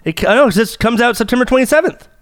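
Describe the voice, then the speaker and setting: A man's voice: very high voice, quick pace, no echo, studio quality. A young man hosting a podcast, chatting casually, joking and swearing freely. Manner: animated, profane and joking. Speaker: podcast host. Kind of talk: casual chat.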